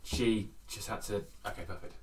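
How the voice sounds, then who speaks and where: A man's voice: lowish voice, fairly even intonation, moderate pace, far from the mic. A man co-hosting a casual podcast, laughing often and filling his talk with "like". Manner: laughing, lots of fillers. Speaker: podcast co-host. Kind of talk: casual chat.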